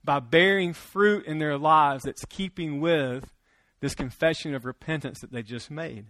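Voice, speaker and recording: A man's voice: fairly high pitch, measured pace, sharp tone, dry recording. A man preaching a sermon in a conversational way, with restarts and questions to the congregation. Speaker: pastor.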